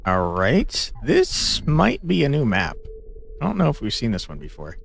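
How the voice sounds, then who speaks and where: A man commenting on a game he is playing, talking in a joking, sarcastic, animated way. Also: mid-range voice, a little slow, vocal fry, slight background noise. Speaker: gaming channel host. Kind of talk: let's play commentary.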